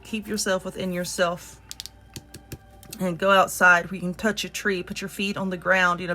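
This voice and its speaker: A woman's voice: on the low side, level tone, moderate pace, sharp tone, faint music behind. A woman with a Southern US accent giving a casual spoken card reading, talking earnestly and directly to the viewer. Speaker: tarot reader.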